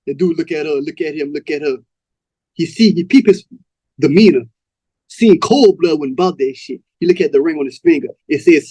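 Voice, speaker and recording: A man's voice: fairly high pitch, normal speed, a little mellow, slightly rough. A man hosting a podcast, telling a comic story in a loose, laughing way with stops and starts.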